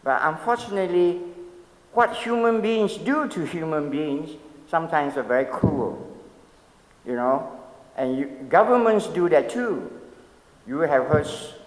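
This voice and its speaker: An older man in his seventies preaches in a church, his slightly raised voice carrying a long, roomy reverb. He tells stories in a relaxed, conversational way, pausing to ask the congregation questions and adding gentle humor. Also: fairly high pitch. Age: 70s. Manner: storytelling, asks the audience questions, light humor. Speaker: pastor. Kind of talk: conversational sermon meditation. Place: church sanctuary.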